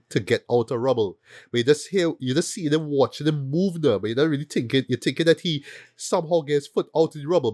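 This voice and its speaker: Podcast host, male, mid pitch, animated, keeps checking in with "right?", dry sound. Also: no echo. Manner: animated, repeats words and asks "right?" often. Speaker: film review podcast host. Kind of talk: casual film review chat.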